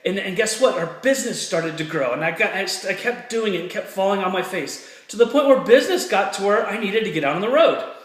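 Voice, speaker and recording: A man's voice: high voice, animated, quick pace, reverberant. An earnest man giving a motivational talk to camera, telling a personal story and repeating phrases for emphasis. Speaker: motivational speaker.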